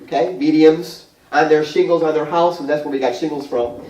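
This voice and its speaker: A man with a New York accent telling a long, animated story to a small group, rambling with restarts and laughter. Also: a little high, fairly quick. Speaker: guest speaker. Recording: roomy hall, mic far off.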